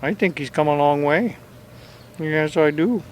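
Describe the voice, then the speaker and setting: A man's voice: a little high, measured pace. A man filming his dogs at home, coaxing them in sing-song baby talk. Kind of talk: casual talk to pets on camera.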